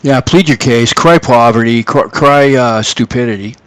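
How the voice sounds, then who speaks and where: A man hosting a live trading stream and telling a story in a loose, casual way. He acts out the people he quotes with sudden jumps in pitch. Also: normal speed, smooth, no room sound. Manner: animated, acts out quoted voices.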